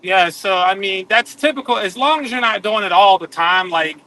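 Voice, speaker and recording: A man's voice: high-pitched, normal speed, sharp tone, poor audio. A man joining a live online chat as a guest, telling stories in an easygoing way and laughing easily, over a video call. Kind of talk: casual chat.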